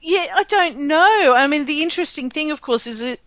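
A woman's voice: sits high, expressive, a little fast, fairly bright tone, dry recording. A woman co-hosting a casual chat about a TV show, talking with frequent ums and laughs. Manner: chatty, hesitant with many ums, laughs often. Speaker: podcast co-host.

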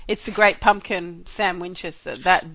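A woman co-hosting a casual chat about a TV show, bubbly and expressive, laughing often. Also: on the low side, moderate pace, dry recording. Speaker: podcast co-host.

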